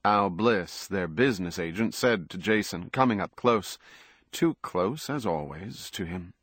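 A man reading a novel aloud as narrator, in a measured, even manner. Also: low voice, slightly rough, dry recording, studio quality. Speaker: audiobook narrator. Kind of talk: scripted narration.

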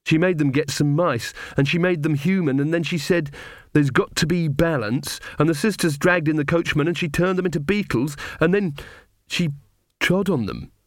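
A man voicing a frightened, earnest young woman in a storybook reading, speaking anxiously and haltingly. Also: on the high side, dry recording, studio quality, pitched above the performer's own voice, natural voice.

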